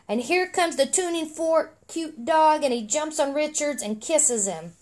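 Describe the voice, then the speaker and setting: Middle-aged mom reading a comic aloud, high voice, unhurried, unpolished and wry. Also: female voice, expressive, darkish tone. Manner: chatty, unpolished read-aloud, wry asides. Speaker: podcast co-host reading a story.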